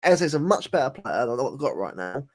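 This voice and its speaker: A man's voice: medium pitch, very animated, brisk. A man co-hosting a casual football chat podcast, rambling, repeating words and dropping "mate" often. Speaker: podcast co-host.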